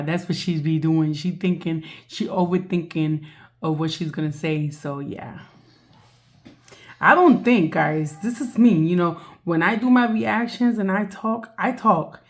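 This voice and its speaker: Woman reaction host, very low voice, sore and strained, soft mocking delivery with laughs. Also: a little slow. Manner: mocking, laughing, talking softly. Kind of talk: reaction commentary.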